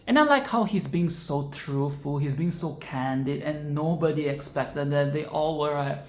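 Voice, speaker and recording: A woman's voice: deep voice, normal speed. A woman giving casual film commentary, sassy and outspoken, swearing freely as she rants and exclaims. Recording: echoey room with faint noise.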